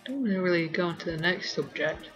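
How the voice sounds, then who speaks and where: A young woman giving casual gameplay commentary, rambling and giggly as she thinks aloud with many pauses. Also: fairly low pitch, expressive, faint music behind. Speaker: let's play host.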